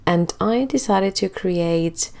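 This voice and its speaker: A woman's voice: mid-range voice, vocal fry, darkish tone. A woman narrating a craft tutorial in a chatty, easygoing way, sounding stuffy and congested. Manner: chatty and easygoing, with filler pauses. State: stuffy, recovering from illness.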